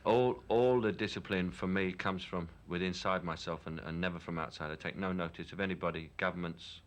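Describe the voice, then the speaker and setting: A Cockney-accented man from London, England gives a candid documentary interview, frank, opinionated and reflective. His voice sits low with fairly even intonation, and he speaks briskly.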